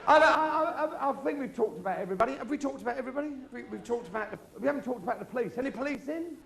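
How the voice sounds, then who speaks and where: A man's voice: very high voice, lively intonation, racing, gravelly, fairly bright tone. A middle-aged man telling crude stories in a stand-up routine, swearing freely. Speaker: stand-up comedian. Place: live show before an audience.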